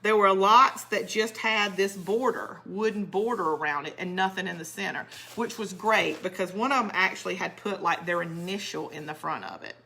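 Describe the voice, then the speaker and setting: A woman's voice: medium pitch, normal speed, creaky, few pauses, bright, forceful tone. A woman hosting a live-streamed craft tutorial, chatty and rambling as she greets viewers. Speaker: craft channel host.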